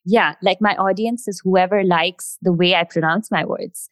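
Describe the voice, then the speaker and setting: A woman's voice: lowish voice, fairly even intonation, normal speed, no echo. Reflective young woman, dry close sound. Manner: thoughtful, reflective, hedging. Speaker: singer and podcast guest. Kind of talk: casual chat.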